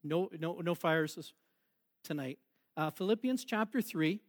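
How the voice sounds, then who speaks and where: A man's voice: a little high, a little slow. A man preaching a sermon as pastor in a church, joking and laughing with the congregation. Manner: jokey, playful, laughs with the congregation.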